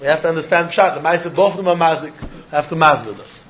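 A man teaching a Talmud lesson, lively and questioning, mixing in Yiddish and Hebrew terms. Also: fairly high pitch, fast. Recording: dull lo-fi recording.

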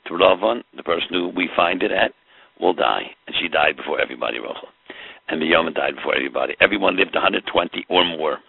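A man's voice: low voice, fast talker, creaky, slightly rough, dry recording. A man teaching a Torah class, explaining with rhetorical questions and mixing in Hebrew terms. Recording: tinny phone-like line.

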